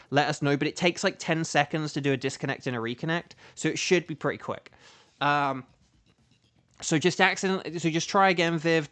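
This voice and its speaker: A man's voice: a little high, fairly bright tone, clear, resonant tone. A man chatting casually with viewers while streaming a video game, rambling with lots of fillers. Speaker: streamer and voice actor. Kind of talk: casual gaming livestream chat.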